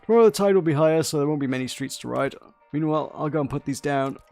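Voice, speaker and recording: A kindly, gently teasing grandmother from a story game, read aloud by a man. The voice sits a little high and has a gravelly edge, with faint music underneath. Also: quick pace, close to an everyday voice. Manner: reading game dialogue aloud, casual.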